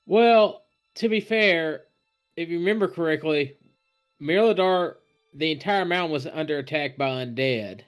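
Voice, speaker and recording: A man playing a tabletop role-playing game, speaking in a measured way as he reasons things out in character. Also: fairly high pitch, clean tone, faint music behind. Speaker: player.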